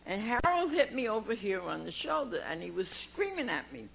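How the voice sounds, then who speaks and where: A woman's voice: on the high side, sing-song, moderate pace, gravelly, low-quality recording. A woman in her nineties giving a folksy personal testimony to a meeting audience, calling listeners honey and laughing often. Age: 90s. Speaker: recovery meeting speaker. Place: meeting room before an audience.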